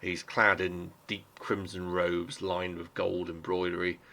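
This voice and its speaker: A man's voice: low-pitched, completely flat delivery, unhurried, vocal fry, pushed and bright. A man narrating as game master in a casual, hesitant way with many fillers.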